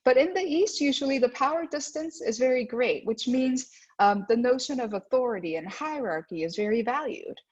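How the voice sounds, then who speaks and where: A woman's voice: high voice, animated, normal speed, a little mellow, breathy edge. A woman giving a presentation to parents as a guest speaker at a school. She often checks in with "right?" and acts out the voices she quotes. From United States. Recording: dull lo-fi sound.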